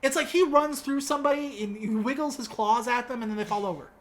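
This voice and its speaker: Wry woman recapping a movie. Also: fairly high pitch. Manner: wry and sarcastic, with filler words and quick asides. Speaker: podcast co-host recapping a movie. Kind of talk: casual podcast chat.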